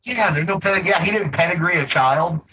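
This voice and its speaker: A man's voice: sits high, a little fast, sharp tone, rough recording. A man co-hosting a podcast, chatting casually and profanely about a movie, laughing a lot and acting out quotes while recapping the plot. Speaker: podcast co-host. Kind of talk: casual movie review chat.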